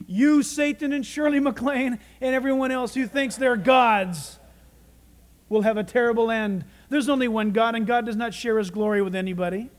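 A man's voice: very high voice, moderate pace. A man voicing God as a stern male figure rebuking the proud, firm and warning.

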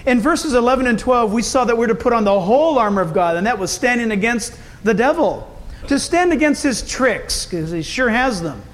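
Male pastor, high voice, chatty folksy sermon delivery. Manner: folksy, conversational preaching with asides to the congregation.

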